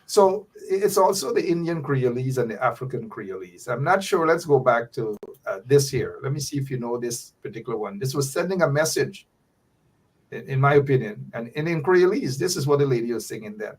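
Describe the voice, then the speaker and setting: A man's voice: medium pitch, expressive, fairly quick, slightly rough, recorded from a distance, poor audio. A man hosting a talk show, telling stories in a playful, chatty way. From Guyana. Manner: storytelling, playful. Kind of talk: casual talk show chat.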